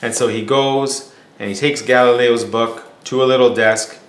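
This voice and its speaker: A man's voice: mid-range voice, steady tone, normal speed. Male teacher telling a story in an echoey room. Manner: casual, explanatory, with fillers and restarts. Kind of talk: storytelling lecture. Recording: echoey room with faint hum.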